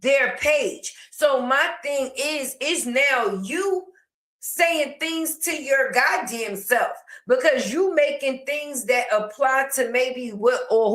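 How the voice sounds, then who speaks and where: Speaking slowly in a high-pitched, fairly bright voice, a female online commentator launches into a sassy, slangy rant. She mocks the person she's talking about and fires back at them.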